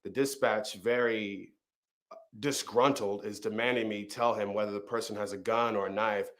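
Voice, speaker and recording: A man's voice: fairly low pitch, steady tone, normal speed, fairly bright tone. A man, a comedian and storyteller, telling a personal story and then chatting casually in an interview. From Arizona. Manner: vivid storyteller, acts out the people he quotes.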